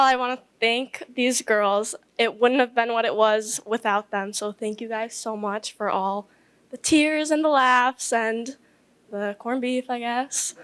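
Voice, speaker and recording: A woman's voice: fairly high pitch, a bit bright. Nervous, tearful young woman speaking. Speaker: outgoing court member giving a farewell speech. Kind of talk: emotional farewell speech. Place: ballroom event.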